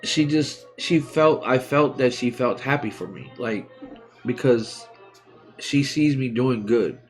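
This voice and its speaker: A man in his forties from the United States, hosting a live stream and speaking openly and emotionally about his own life, with many pauses and restarts. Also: mid-range voice, faint music behind. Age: 40s. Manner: halting and heartfelt, many restarts. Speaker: livestream host. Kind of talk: emotional personal talk.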